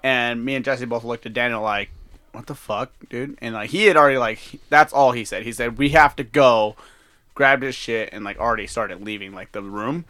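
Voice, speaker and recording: A young man in casual chat, animated, acting out quotes and swearing freely. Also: mid-range voice, brisk, hardly any pauses.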